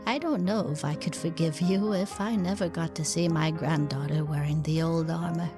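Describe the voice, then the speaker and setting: A woman voicing a kindly elderly grandmother pony who talks in a gentle, reassuring way in a fan audio drama. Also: sits low, fairly even intonation, moderate pace, music in the background. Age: older.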